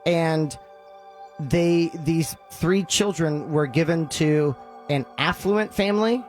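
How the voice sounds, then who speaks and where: A man hosting a podcast, casually retelling a story with lively acted-out quotes and loose fillers. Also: on the high side, slow pace, faint music behind. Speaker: podcast host.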